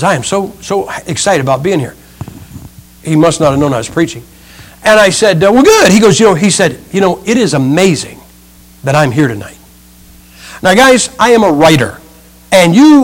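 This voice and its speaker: A man's voice: on the high side, low-quality recording. A middle-aged male preacher giving a humorous sermon, acting out the people in his stories. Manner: humorous storytelling, acts out quotes.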